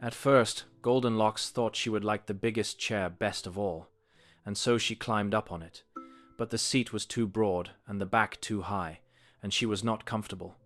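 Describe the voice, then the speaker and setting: A man reading a fairy tale aloud in an animated, expressive storytelling manner. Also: fairly low pitch, normal speed, faint music behind.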